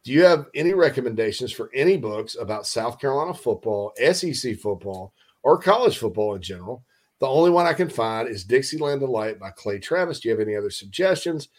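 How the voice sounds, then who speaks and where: A man's voice: mid-range voice, expressive, fast talker. A man hosting a casual sports talk show, rambling and joking with lots of fillers and restarts. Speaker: sports radio host.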